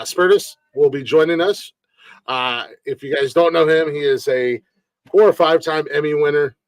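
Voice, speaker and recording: A man hosts a casual comedy news podcast, relaxed and joking, with plenty of fillers. His voice sits a little high for a man and sounds dry and close, with no room around it. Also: no echo, poor audio. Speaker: podcast host.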